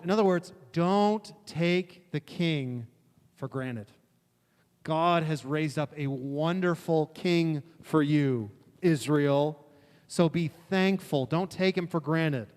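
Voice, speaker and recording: Male pastor, fairly high voice, casual storytelling sermon, long hall reverb. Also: a little mellow. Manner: conversational, acts out quotes in casual voices. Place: church sanctuary.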